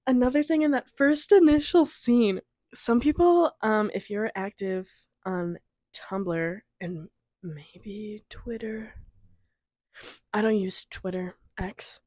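A woman's voice: medium pitch, darkish tone, no room sound. Young woman rambling thru a trailer review, giggly, trails off mumbling, dry close sound. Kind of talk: casual review chat.

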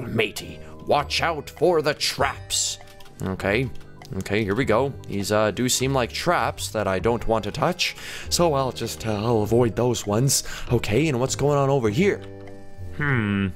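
A man hosting a gaming video, giving playful, jokey let's-play commentary as he plays. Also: mid-range voice. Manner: playful, animated, jokey self-talk.

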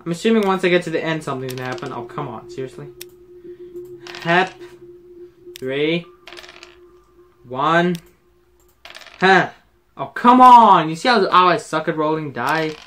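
Let's-play host, lively swinging delivery, unhurried, rants and yells when frustrated. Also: medium pitch, a little hiss or hum. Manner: frustrated, ranting and yelling at the game. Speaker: gaming channel host.

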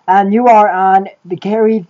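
A woman's voice: medium pitch, fairly even intonation, unhurried, warm tone, highs cut off, close to an everyday voice. A woman voicing a crude, foul-mouthed male podcast host who talks brashly and stammers, in a parody call-in show. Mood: annoyed.

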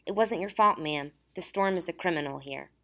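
Male fireman read by a woman, calm, polite, reassuring, low. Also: fairly quick. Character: kind male fireman, adult. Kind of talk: audiobook dialogue.

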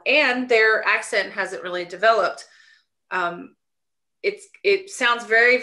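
A woman's voice: medium pitch, sharp tone. A woman, a coach and podcast co-host, talking in an earnest, searching way in a casual conversation. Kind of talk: reflective casual podcast chat.

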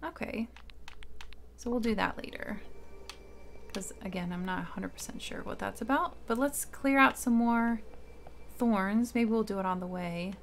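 A woman streamer commenting casually on her gameplay, thinking out loud with small hesitations. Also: medium pitch, normal speed, vocal fry, pauses often, a little hiss or hum. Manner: thinking aloud, chatty with hesitations. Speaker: game streamer. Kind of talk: casual let's-play commentary. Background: faint game music.

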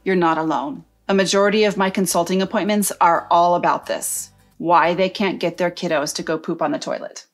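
A middle-aged woman with a drawl talks straight to parents in a friendly advice video. Her delivery is chatty and animated, and she keeps it practical and easygoing. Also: on the low side. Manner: chatty, animated, acts out kid and mom lines. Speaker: nanny and potty training consultant.

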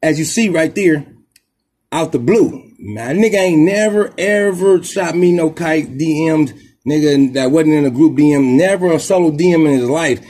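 A man from Oakland with an Oakland accent, hosting a podcast and telling a story in a rapid, profane, animated street style. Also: on the high side, husky. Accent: Oakland, Bay Area. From Oakland, California. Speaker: podcast host. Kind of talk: casual monologue storytelling.

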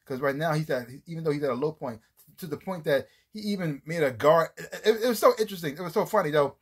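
A man with a fairly high, husky voice talks quickly and animatedly as he gives a casual, rambling review of a TV series. He keeps restarting sentences and acts out scenes while retelling them.

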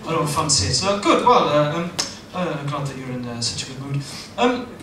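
Welsh comedian with a lively, animated voice. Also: male voice, on the high side, normal speed, background noise. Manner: lively, acts out voices for laughs. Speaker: stand-up comedian. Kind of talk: stand-up comedy set. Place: comedy club stage, audience laughing. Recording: roomy live venue recording from far off.

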